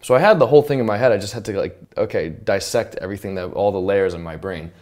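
A man explaining how he built a song in casual studio talk, animated and humming parts out loud to show them. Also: fairly low pitch, fast talker. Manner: animated, hums and vocalizes parts to demonstrate. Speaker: songwriter and producer. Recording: loud music playing under the voice.

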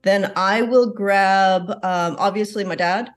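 A woman playing in a tabletop game, playful and quick to laugh. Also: medium pitch, fairly even intonation. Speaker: player.

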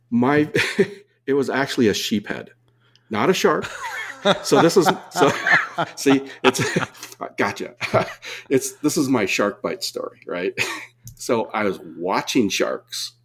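A man from California with a fairly low voice tells a story in loose, rambling chat. He leans on fillers and keeps breaking into laughter as he goes. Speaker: guest diver. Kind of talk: casual storytelling.

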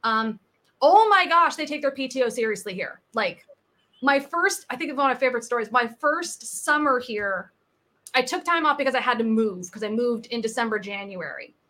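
A woman in her thirties from the United States, a sales coach, tells stories during a podcast interview. She's animated and acts out the people she quotes, speaking at normal speed in a fairly high voice.

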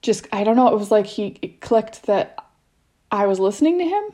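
A woman in her thirties, a mother appearing as a podcast guest, casually tells a personal story, rambling and restarting often. Her voice is medium-pitched, animated and mellow, at a moderate pace.

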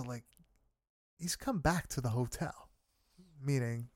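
A man's voice: medium pitch, slow pace, pauses often, no echo, studio quality. A man in casual chat, recapping a film with friends, swearing freely and laughing often. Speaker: podcast co-host recapping a film.

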